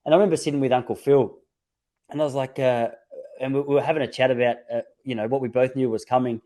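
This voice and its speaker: Podcast host: man, mellow tone, reflective storyteller, casual chat. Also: mid-range voice, fairly even intonation, fast. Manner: reflective, storytelling with many restarts. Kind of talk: casual conversation.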